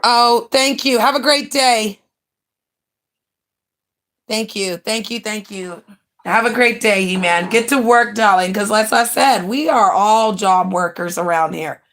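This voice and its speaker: A woman's voice: medium pitch, unhurried, a bit bright. A woman from the United States, livestreaming in blunt, brash and mocking casual chat.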